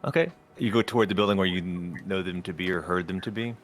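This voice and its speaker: Male game master on a voice call, lowish voice, relaxed and chatty. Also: quick pace. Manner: relaxed, laughs often, many fillers. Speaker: dungeon master. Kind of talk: running a tabletop game online. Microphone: online voice call.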